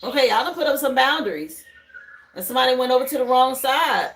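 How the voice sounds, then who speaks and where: A high-pitched woman hosts a live tarot stream from home. She talks loosely and chattily, greeting viewers by name and musing aloud over each card. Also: expressive, fast, fairly bright tone, poor audio. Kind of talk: casual live tarot reading. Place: home livestream setup, burning incense.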